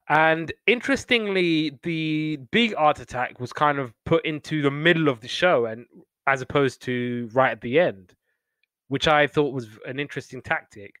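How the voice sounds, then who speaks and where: A man's voice: on the high side, moderate pace, no room sound. Rambling man in casual chat. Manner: rambling, animated retelling with playful quoted voices. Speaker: podcast host reviewing old TV shows.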